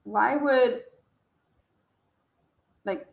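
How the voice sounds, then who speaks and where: A woman's voice: on the high side, extremely slow, creaky. A woman giving casual, blunt and profane commentary while reading out messages, often talking back to herself. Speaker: true-crime commentator. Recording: roomy echo.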